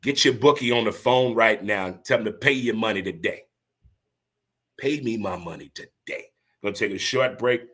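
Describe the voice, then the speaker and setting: Husky, low-pitched male show host with a folksy, chatty monologue delivery. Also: moderate pace, a bit bright. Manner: folksy, repeats catchphrases, addresses listeners directly. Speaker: podcast host. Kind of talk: casual talk show monologue.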